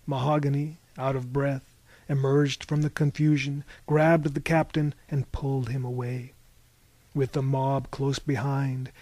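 A man reading a story aloud as narrator, with measured storytelling that rises into animated bursts. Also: mid-range voice, no echo.

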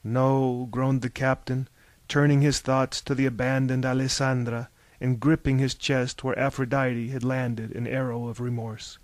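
A man reading a novel aloud as narrator, in measured storytelling that turns theatrical in the dialogue. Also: mid-range voice, flat delivery, no room sound. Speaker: audiobook narrator. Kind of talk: scripted narration.

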